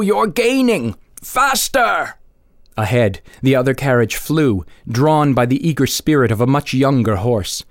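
A man reading a classic short story aloud with expressive, varied delivery. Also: medium pitch, no room sound, clean studio sound.

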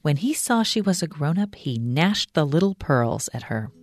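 Woman reading a storybook in a low voice. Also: sing-song, normal speed, a little mellow, soft background music. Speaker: radio producer.

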